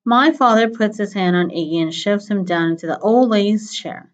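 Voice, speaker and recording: A woman reads a novel aloud in a steady, plain storytelling voice at a middle pitch. The recording is dull and lo-fi. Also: normal speed. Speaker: reader.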